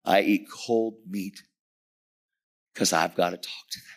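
A man's voice: sits low, steady tone, a little slow. A man in his fifties preaching as a guest speaker, telling a personal story with emphasis and acting out the dialogue. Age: 50s. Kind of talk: sermon told as a personal story.

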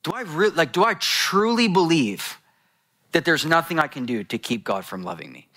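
Male preacher, lively and animated delivery, joking asides with the congregation. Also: on the high side, moderate pace. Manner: animated storytelling, addresses congregation, jokes. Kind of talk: sermon.

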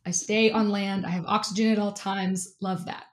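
An animated woman tells a story as an interview guest. She talks casually, leans on "like" again and again, and breaks into laughter as she goes. Her voice sits at a middle pitch for a woman. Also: moderate pace. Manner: animated, fills speech with "like", laughs often. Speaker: interview guest, athlete and keynote speaker.

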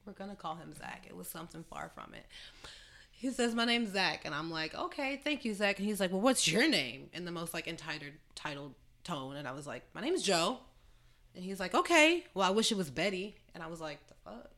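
A woman's voice: on the low side, fairly quick. A young woman guest on a casual podcast, telling stories with lots of fillers and swearing. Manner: animated storyteller, swears freely, many fillers. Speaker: guest, cannabis entrepreneur.

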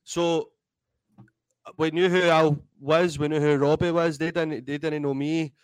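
A Scottish man in his thirties, a DJ and comedian telling animated, sweary stories in a casual interview. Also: fairly high pitch, measured pace, smooth, dry recording, rough recording. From Scotland. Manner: animated, swears freely, acts out voices in anecdotes. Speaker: guest DJ and comedian.

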